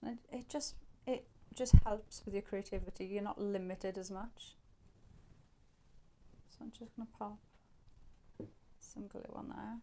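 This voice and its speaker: A woman's voice: mid-range voice, steady tone, unhurried, long pauses, background noise. A woman with a Welsh accent, demonstrating crafts on a live shopping show, talking through each step as she works.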